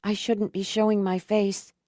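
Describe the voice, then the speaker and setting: A woman's voice: level tone, measured pace, warm tone, no room sound, clean studio sound, natural voice. A woman voicing a frightened, exhausted young woman on the run in an audiobook, tense and tremulous. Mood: weary. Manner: tense and tremulous, lifting higher. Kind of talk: audiobook character voice.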